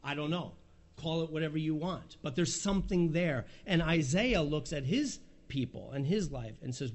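Earnest preacher man, slightly high voice. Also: expressive, normal speed. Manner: earnest, repeats words when emphatic, reads quotes aloud. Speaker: pastor. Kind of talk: sermon.

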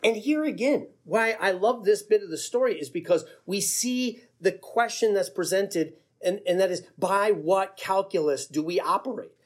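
A male pastor preaching a sermon, retelling the story in a lively, conversational way and slipping into the characters' voices. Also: sits high, slightly rough. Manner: animated storytelling, acts out the characters with chuckles.

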